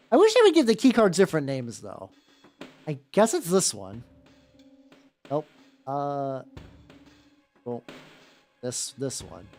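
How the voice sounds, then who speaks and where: A woman streaming a video game playthrough, talking excitedly, swearing freely, and rambling in asides. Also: extremely low pitch. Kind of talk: live gameplay commentary.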